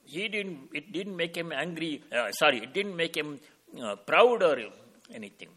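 A man with a slightly high voice gives a devotional discourse as a spiritual teacher, slowly and calmly telling a sacred story and explaining Sanskrit terms along the way.

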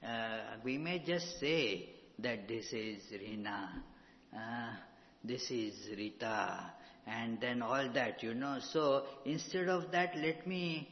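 A male spiritual teacher lectures at an unhurried pace, pausing often to gather his words. He speaks into a microphone in a hall, and the reverb rings long behind him. The recording is muffled and lo-fi. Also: medium pitch. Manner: slow, measured, with frequent pauses and fillers. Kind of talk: scripture lecture.

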